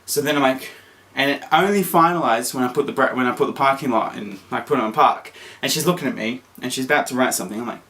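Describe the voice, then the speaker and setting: A young man with an Australian accent tells a story straight to camera in a loose, chatty vlog. His telling is animated, and he leaps up into squeaky highs whenever he plays out the quotes. His voice sits at an ordinary middle pitch for a man. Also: fast. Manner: animated, acts out quotes with sudden high squeaky jumps. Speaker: vlogger.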